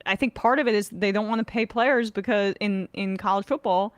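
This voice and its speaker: A woman's voice: mid-range voice, fairly quick, no echo. Rambling woman sports podcast host. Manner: rambling, searching for words. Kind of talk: casual interview chat.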